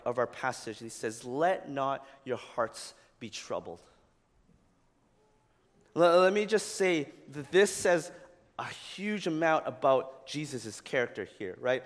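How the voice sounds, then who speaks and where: A man preaching a sermon in a casual, conversational way, often tagging "right?" onto his points and growing loud and animated as he retells the story. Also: a little high, in a large hall. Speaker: pastor.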